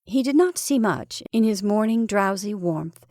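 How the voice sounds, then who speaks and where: A woman narrates a classic short story in a measured, careful reading voice, now and then sinking to a whisper on a phrase. Her pitch sits mid-range and the recording is dry and close. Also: lively intonation, darkish tone, no room sound.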